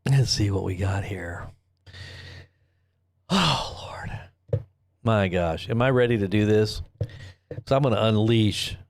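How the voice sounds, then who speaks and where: A man's voice: fairly low pitch, normal speed, darkish tone, no room sound, clean studio sound. Rambling, joking man on a livestream. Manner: rambling, self-interrupting, joking. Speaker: host. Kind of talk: casual livestream commentary.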